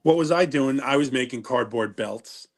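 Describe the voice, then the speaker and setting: A man's voice: medium pitch, normal speed. Rambling middle-aged man. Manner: rambling, self-interrupting storyteller. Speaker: interview guest, former wrestler. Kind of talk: casual interview chat.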